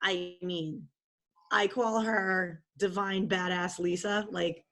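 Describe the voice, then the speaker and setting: A middle-aged woman, a podcast guest, telling a personal story in a candid, expressive way with many fillers. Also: lowish voice, slow pace.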